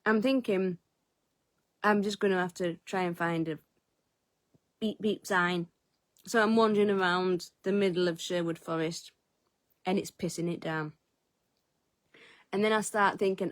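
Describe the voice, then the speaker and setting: A woman's voice: mid-range voice, fairly even intonation, a little slow, pauses often, a bit bright, no room sound. A woman telling a story as a vlogger in casual chat, self-mocking and swearing freely. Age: adult, eldest of three siblings.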